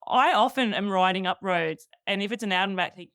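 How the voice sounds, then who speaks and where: A woman's voice: mid-range voice, a little fast, fairly bright tone, clear, resonant tone, no echo, studio quality. A woman hosting a podcast in casual chat, playful and asking reflective questions. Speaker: podcast host.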